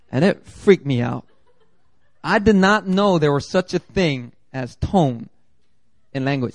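A fairly high-voiced man preaching with animated, jokey storytelling, now and then slipping into mimicked voices. His delivery is lively and conversational, and the sound is close and dry, with no room echo. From Philadelphia area. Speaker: pastor. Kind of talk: sermon.

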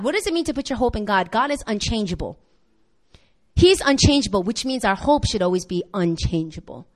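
Female preacher, impassioned sermon delivery, highly animated pitch. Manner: impassioned, rising to near-shouts on emphasis; talks straight to the congregation with quick questions.

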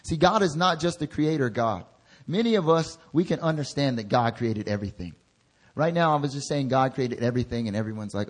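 Intern pastor preaching with loud, rising exhortation. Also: male voice, lively intonation, a little fast. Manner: swings from soft, low asides to loud, rising exhortation. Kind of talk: sermon.

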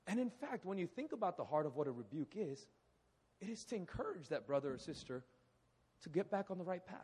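Animated preaching man, husky voice. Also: sits high, brisk. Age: 30s. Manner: animated, acts out quoted voices, laughs often. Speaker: pastor. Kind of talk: sermon. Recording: echoey hall.

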